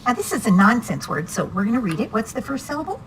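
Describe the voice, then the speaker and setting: A woman's voice: on the high side, very animated, fast, a little hiss or hum, poor audio. A woman teaching reading one-on-one to a student, patient and encouraging, asking many questions.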